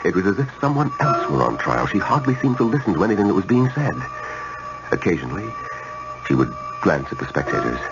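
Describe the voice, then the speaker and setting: An actor playing a brooding man who narrates in a measured, musing way in a 1970s radio drama. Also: low-pitched, big pitch swings. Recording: lo-fi old radio with loud music. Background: loud music score.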